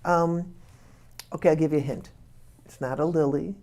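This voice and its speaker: Her voice sits low with a dark, steady tone at normal speed as she guests on a radio show. A playwright and comedian, she tests the hosts on movie quotes in relaxed chat, laughing along and exclaiming.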